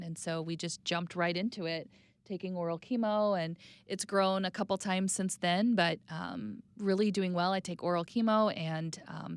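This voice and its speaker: A woman in her thirties speaking candidly and reflectively as an interview guest, sometimes dropping to a soft, quiet voice. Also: vocal fry, dry recording. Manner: reflective, plainspoken, drops to a soft low voice on hard news.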